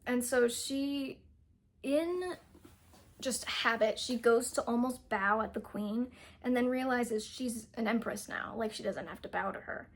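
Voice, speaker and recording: A young woman chats her way through a novel's story as a book reviewer, wandering from point to point with constant fillers and easy giggles. Her voice sits a little high and has a soft, breathy grain. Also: measured pace. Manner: rambling, full of "like" and "um" fillers, giggly. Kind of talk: casual plot retelling.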